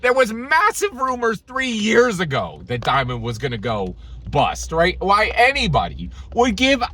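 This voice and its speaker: A channel host ranting in exasperated, sarcastic commentary, laughing between lines, with a slightly husky voice. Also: male voice, high voice, bright, forceful tone.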